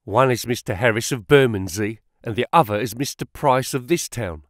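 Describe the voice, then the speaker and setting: A man voicing an excitable young male stockbroker's clerk who talks in eager exclamations. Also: mid-range voice, moderate pace, no echo, clean studio sound, lightly acted. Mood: excited.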